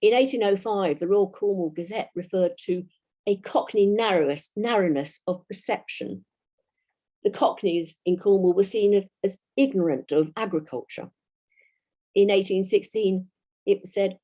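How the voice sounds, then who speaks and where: A woman with a British English accent gives a history lecture, reading out dates and quotations at a measured pace. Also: mid-range voice, warm tone. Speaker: historian giving a talk.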